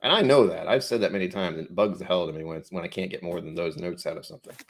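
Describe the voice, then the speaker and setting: A man's voice: low-pitched, racing, vocal fry. A man hosting a casual whiskey tasting livestream, thinking aloud and correcting himself as he goes.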